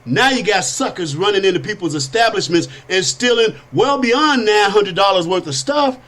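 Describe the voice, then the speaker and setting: A middle-aged man from California hosts a talk show, spinning casual stories with lively impressions of sounds and quotes. His voice is pitched high and his pace is moderate.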